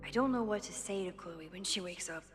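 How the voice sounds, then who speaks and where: An actress playing a thoughtful, bewildered young woman in a video game, speaking softly and with wonder. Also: medium pitch, fairly quick, close to an everyday voice. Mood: musing. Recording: game audio with long reverb and music. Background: game music.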